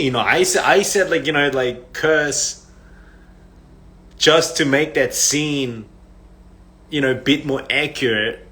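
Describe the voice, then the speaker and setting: A young man chats casually with fans on a phone livestream, rambling through stories with lots of "like" fillers and frequent laughs. His medium-pitched voice is bright and forceful, but he speaks slowly with long pauses.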